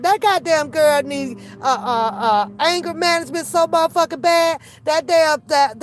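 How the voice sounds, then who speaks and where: A woman hosting a reaction channel, ranting in casual, profane commentary and mimicking the people she talks about. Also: sits high. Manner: animated, profane, mimics others.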